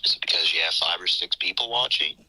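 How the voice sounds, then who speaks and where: A man's voice: deep voice, fast talker, background noise. A man in casual stream chat, teasing and mocking with frequent laughter.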